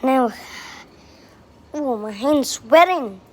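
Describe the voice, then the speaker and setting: A woman narrating a playful toy role-play, excitable and exclaiming. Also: high voice. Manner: excitable, exclaiming, drawn-out words. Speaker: video maker playing with toys.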